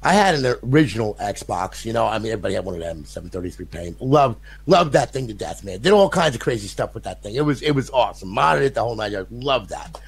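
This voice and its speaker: A man's voice: on the low side, sing-song, fast talker, vocal fry, breathy edge. An older man, a console modder, telling a long story in a casual, rambling way, often repeating his words and swearing.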